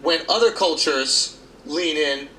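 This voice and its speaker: Podcast co-host, New man, animated and pushy; faint room ambience. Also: takes it slowly, reverberant, slight background noise, poor audio. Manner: animated, emphatic, rising pitch when arguing. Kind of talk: casual chat.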